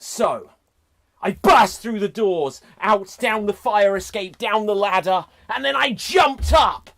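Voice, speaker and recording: A man improvising an over-the-top dramatic story, swinging from hushed narration to shouts. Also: high-pitched, expressive, slow pace, gravelly. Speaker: improv performer. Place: live online improv show.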